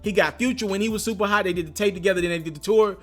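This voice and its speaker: A man giving casual hip-hop commentary on his own channel, speaking in an animated, slangy, emphatic way. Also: sits high, racing, faint music behind.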